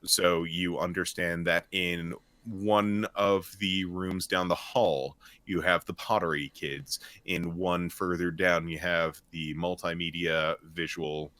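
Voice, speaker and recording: A man narrating a tabletop game as game master, in a relaxed, loose way with fillers. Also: low voice, slow pace, few pauses, no room sound.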